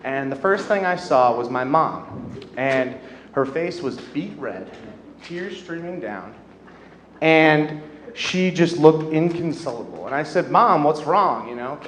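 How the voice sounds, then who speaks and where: A young man in his twenties doing a self-deprecating stand-up set on a comedy club stage, getting loud at the punchlines. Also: fairly high pitch, expressive, slow pace, slight background noise. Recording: roomy club with audience laughter.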